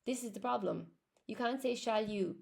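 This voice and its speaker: A woman's voice: on the high side, normal speed, gravelly, darkish tone. A young Irish woman teaching English on a live stream, chatting as she answers viewers' comments. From Ireland.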